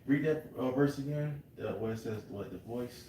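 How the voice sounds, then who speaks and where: A man's voice: medium pitch, moderate pace, warm tone, a little hiss or hum. Man thinking aloud about scripture. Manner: thinks aloud with "all right" and "what". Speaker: Bible class participant. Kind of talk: Bible discussion. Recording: echoey room from far off.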